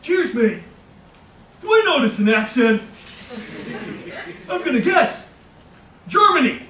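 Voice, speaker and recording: A man voicing a brash, friendly male New York bodega customer who talks loudly and laughs a lot. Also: very high-pitched, very animated, takes it slowly, echoey room, distant mic, noisy background, pitched above the performer's own voice, exaggerated voice. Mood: eager. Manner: loud, laughing, overeager.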